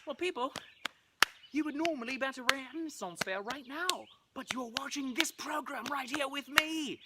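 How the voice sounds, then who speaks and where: A theatrical man clowning as a costumed Shakespeare, his pitch leaping all over as he coaxes an audience at home and breaks into silly songs. The recording carries heavy noise. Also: expressive, moderate pace. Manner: theatrical, playful, bursts into nursery-rhyme singing. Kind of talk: interactive comedy show for viewers at home. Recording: loud background noise.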